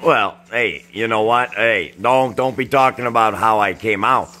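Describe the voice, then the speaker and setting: A man's voice: on the low side, unhurried, bright, forceful tone, slight background noise. A middle-aged man, a father and host, chatting with his own father in a joking, teasing way. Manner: joking, teasing, mock-offended. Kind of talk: casual chat.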